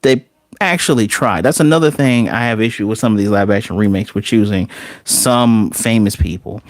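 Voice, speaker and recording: A man's voice: fairly low pitch, moderate pace, dry recording, clean studio sound. Sarcastic man ranting about remakes. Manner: sarcastic, animated, swears. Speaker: movie reviewer. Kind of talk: casual ranting commentary.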